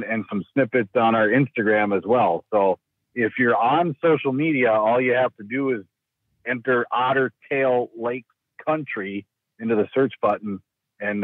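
A man's voice: mid-range voice, dry recording. A man from Minnesota, a guest in a casual interview, hesitant with many restarts and fillers. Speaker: guest, county rural initiative coordinator. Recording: tinny phone-like line.

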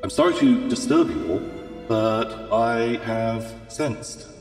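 A man's voice: medium pitch, takes it slowly, darkish tone, echoey room, in a large hall, soft background music, pitched above the performer's own voice, close to an everyday voice. A man voicing a polite, formal ship's computer. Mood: calm.

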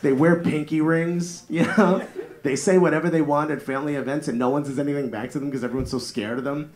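A thirtysomething comic with a New Jersey accent works a live comedy club crowd with a brash, profane set, riffing with the audience. His voice sits on the high side, quick with fairly even intonation, and loud laughter fills the recording.

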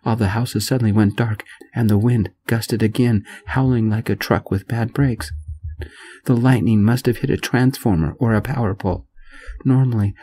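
A man reading a first-person romance story aloud in a soft-spoken ASMR narration style, gentle and unhurried. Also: lowish voice, steady tone.

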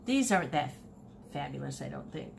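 A woman's voice: low-pitched, big pitch swings, moderate pace, vocal fry, a little mellow, slight background noise. A woman, chatting casually and animatedly about her thrift finds, often repeating herself as she tells a story. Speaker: online reseller showing thrift finds. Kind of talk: casual haul video chat.

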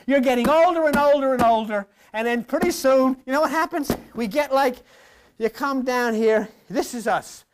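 An older man preaching a sermon to a congregation in a folksy, joking way, swinging between loud asides and low murmurs. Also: moderate pace, noisy background.

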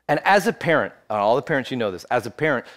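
A man's voice: mid-range voice, big pitch swings, fast, fairly bright tone. A man in his thirties preaching a sermon as pastor, telling a personal story and building to fervent exhortation. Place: church, streamed online.

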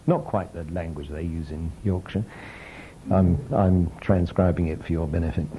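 A man's voice: low voice, a little slow, phone-quality sound, slight background noise. An older man giving an informal lecture, telling stories with a chuckle. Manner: lively storytelling, chuckling.

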